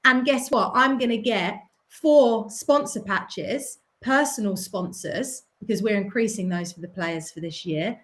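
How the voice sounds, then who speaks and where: A woman with a British accent, a pool player guest on a podcast, arguing her point in an animated, persuasive way with quick bursts. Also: medium pitch. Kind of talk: casual podcast chat.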